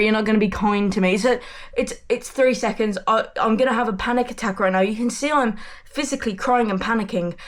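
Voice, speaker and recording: A woman chats casually to her camera at a middle pitch, vlog-style and unpolished. She rambles and restarts her sentences, swears without a second thought, and speaks bluntly. She sounds like she is sitting in an ordinary room at home. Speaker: vlogger. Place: messy bedroom indoors.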